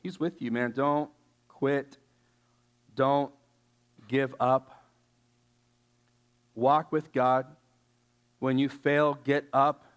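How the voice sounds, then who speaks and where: A man giving a casual sermon, telling stories in an animated, slangy way with lots of fillers. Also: mid-range voice, drawn-out words, pauses often, clean tone. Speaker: youth speaker.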